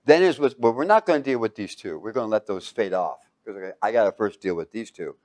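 A man's voice: fairly low pitch, animated, a little fast, a little mellow. A man teaching a Bible class, quizzing his students with fill-in questions and breaking into sudden exclamations.

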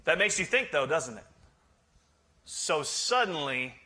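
A man's voice: a little high, very animated, unhurried, bright, forceful tone. A male pastor preaching a sermon in a joking, conversational way, teasing his congregation. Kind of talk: humorous sermon.

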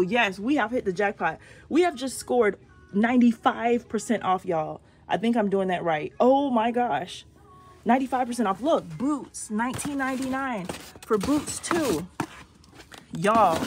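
A woman's voice: fairly high pitch, moderate pace, slightly rough. A woman filming a shopping vlog inside a large store on a handheld phone, gushing and exclaiming over bargains. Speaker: couponing vlogger.

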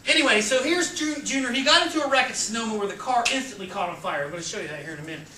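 A man's voice: sits high, racing, crowd noise. A man giving an informal classroom lecture, reading passages aloud and breaking in with joking, sarcastic asides. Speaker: college lecturer. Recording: echoey classroom, distant mic, faint hiss.

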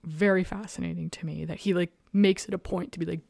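A woman hosts a casual chat show reviewing comics, giggling and laughing often mid-sentence while riffing with animated, sarcastic energy. Her fairly low voice is fast and creaky, captured in a clean studio with no room sound.

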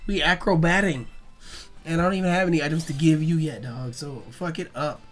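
A young man hosting a casual let's play, excitable and profane, talking back to the creatures on screen. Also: on the high side, fairly quick, faint music behind. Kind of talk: casual gameplay commentary.

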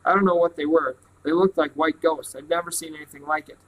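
A man reading a remorseful, excited adult hunter's lines in an earnest, slightly breathless way. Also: fairly high pitch, fast, close to an everyday voice, low-quality recording. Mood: urgent.

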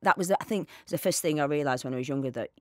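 A woman's voice: low voice, racing, no echo, clean studio sound. A woman, an actor chatting as a podcast guest and acting out the voices in her stories. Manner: animated storyteller, acts out quoted voices. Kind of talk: casual interview chat.

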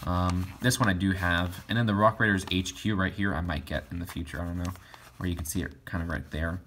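Low-voiced young man rambling casually. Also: fairly even intonation, a little fast, a bit bright, slight background noise. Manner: rambling, many fillers and restarts. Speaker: toy collector vlogger. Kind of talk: casual catalog review.

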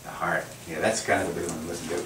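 A veterinarian with a fairly low, steady voice speaks very fast as he patiently guides a class of children through a hands-on demonstration with encouraging instructions. He sounds far from the camera, in an echoey room with noticeable background noise.

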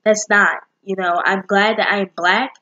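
Casual teen vlogger, woman, bubbly and rambling, mid pitch, slightly muffled home recording. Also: fairly even intonation, moderate pace, sharp tone. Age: young adult. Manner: chatty, bubbly, many fillers. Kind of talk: casual chat to camera.

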